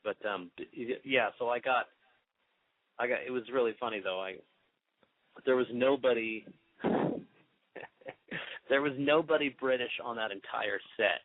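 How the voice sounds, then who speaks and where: A man in his thirties, a guest musician in a casual radio interview, talking in a halting way with lots of restarts and fillers. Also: medium pitch, dry recording. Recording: tinny phone-line audio, dry.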